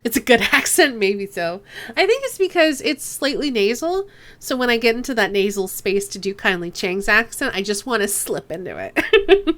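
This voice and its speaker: Woman streaming a rpg, reads the story out, chatty asides, bouncy pitch. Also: moderate pace. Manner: lively, laughing asides. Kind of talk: narrating a role-playing game.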